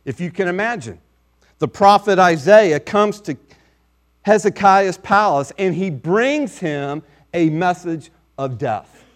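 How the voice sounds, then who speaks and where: High-voiced man preaching a sermon. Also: animated. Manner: emphatic, measured preaching with scripture readings.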